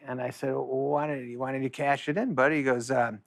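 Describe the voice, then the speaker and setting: A man with a gravelly voice telling an animated anecdote, quoting others in a raised voice. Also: medium pitch, fairly quick, few pauses. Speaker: comedian telling a story.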